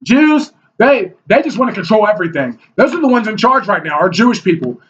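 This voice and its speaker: Guy with a really high voice ranting at the camera, heated and mocking, dull muffled lo-fi audio. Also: very animated, fairly quick, fairly bright tone. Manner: heated and mocking, mimics opponents in whiny voices. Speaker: video blogger. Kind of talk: ranting monologue. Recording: dull lo-fi recording.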